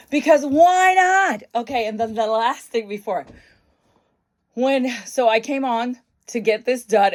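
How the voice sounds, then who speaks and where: A middle-aged woman vlogging casually into her phone about mental wellness, bubbly and chatty. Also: mid-range voice. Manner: bubbly, chatty, bursts into laughs and shrieks. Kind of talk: casual chat to camera. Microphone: phone camera.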